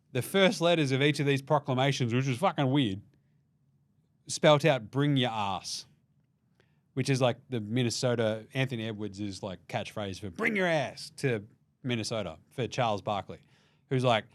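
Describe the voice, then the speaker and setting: A young Australian man hosts a casual basketball podcast recap, joking, swearing freely, and acting out players' voices. His voice is medium-pitched, with no echo.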